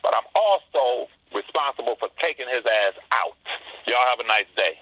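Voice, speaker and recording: A man's voice: mid-range voice, expressive, moderate pace, sharp tone, slightly rough, no echo, muffled recording. A man calling in to a live stream, ranting angrily and swearing, repeating his points. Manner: angry, swearing, repeats himself. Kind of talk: heated call-in rant.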